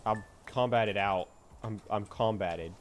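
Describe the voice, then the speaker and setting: A man's voice: on the low side, slow pace, slight background noise. A man streaming a game, chatting casually and teasing his viewers with frequent laughter. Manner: playful, teasing, often laughing. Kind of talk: casual gameplay chat.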